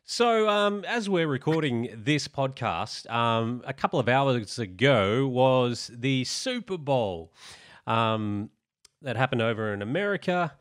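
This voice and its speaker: An Australian man hosting a podcast, measured and wry, reading headlines aloud. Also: mid-range voice, expressive. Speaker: podcast host. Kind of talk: casual podcast commentary.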